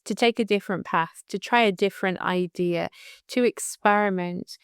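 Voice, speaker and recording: A woman's voice: on the low side, smooth, dry recording, clean studio sound. Woman astrologer with a slight lisp. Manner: calm and unhurried, laughs at tricky numbers. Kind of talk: monthly astrology forecast.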